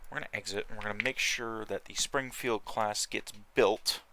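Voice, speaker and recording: A man's voice: fairly low pitch, steady tone, normal speed, sharp tone, slight background noise, low-quality recording. A man giving casual commentary while playing a strategy game, thinking aloud with many fillers and restarts. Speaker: gaming channel host.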